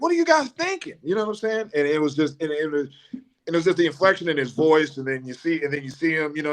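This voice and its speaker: Guy in his 40s telling old football stories, lots of restarts and laughs, voice jumps up high when he mimics his coach. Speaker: guest, former college football player. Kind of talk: casual storytelling on a live show.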